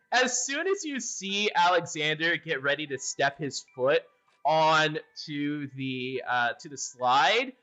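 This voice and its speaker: A man's voice: fairly high pitch, pushed and bright. A man running a tabletop game as game master, narrating with lots of hesitant fillers. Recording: dull lo-fi audio.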